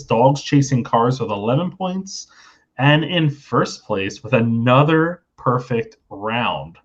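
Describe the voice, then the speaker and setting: Casting: relaxed male quiz host for a live stream, mid-pitched, slightly muffled audio. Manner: easygoing, reads questions and jokes between them. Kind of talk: casual live trivia stream.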